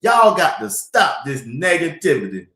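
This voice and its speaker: A man hosting a casual sports talk show, telling a story in a laid-back, lively way. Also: on the high side, unhurried, reverberant.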